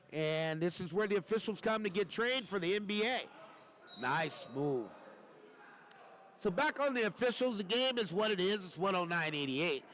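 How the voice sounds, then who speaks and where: A man with a fairly high voice calls a live basketball game. He talks in a folksy, chatty way and keeps repeating his phrases. A ball bounces on the court behind him. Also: fairly bright tone. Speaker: play-by-play commentator.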